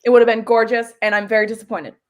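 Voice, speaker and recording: Emphatic, fairly high-voiced woman. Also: little pitch movement, racing. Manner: emphatic, opinionated. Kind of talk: casual chat.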